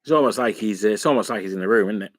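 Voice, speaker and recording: A man's voice: fairly low pitch, rapid-fire, dry recording. A man hosting a live stream, chatting loosely and rambling as he paints miniatures. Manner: rambling and chatty, many fillers. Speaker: wargaming channel host.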